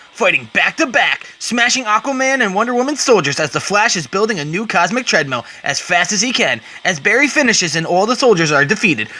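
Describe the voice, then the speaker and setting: A man's voice: sits high, bright, forceful tone. A man retelling a comic book story as a dramatic reading, quoting the characters along the way.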